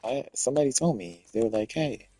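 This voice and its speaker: A man with a low, husky voice tells a story in a loose, rambling rant. He swears freely and his delivery stays animated and casual throughout. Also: unhurried, poor audio.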